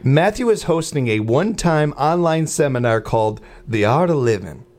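A man hosting a morning radio show in a relaxed, chatty, rambling way from a studio. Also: medium pitch, normal speed. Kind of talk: casual radio chat.

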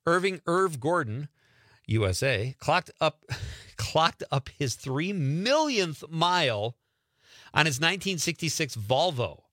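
A man hosts a radio show with a joking, animated delivery. His pitch leaps around expressively and his tone is bright and forward. The sound is dry, close studio audio. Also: takes it slowly, no room sound. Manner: jokey, animated, laughs often. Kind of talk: casual radio banter.

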